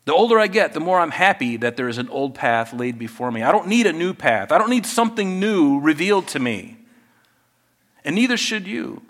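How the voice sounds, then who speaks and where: A man's voice: a little high, big pitch swings, fairly quick, fairly bright tone. A middle-aged male pastor preaching a conversational sermon, often asking the congregation questions.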